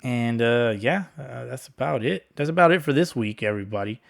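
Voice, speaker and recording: A man hosting a casual solo sports podcast, talking in a rambling, laid-back monotone with some sarcasm and swearing. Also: medium pitch, a little fast, vocal fry. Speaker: podcast host.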